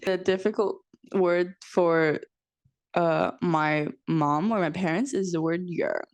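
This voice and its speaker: Giggly young woman podcast co-host. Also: lowish voice. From Macau. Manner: giggly, chiming in with quick agreement. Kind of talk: casual chat.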